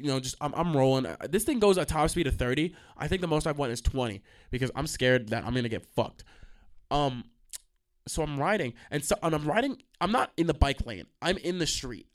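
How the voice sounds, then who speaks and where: A young man hosts a solo storytime podcast. He swears constantly and jumps from one tangent to the next. His voice sits slightly high for a man. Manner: profane, animated, sidetracked storytelling. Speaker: podcast host.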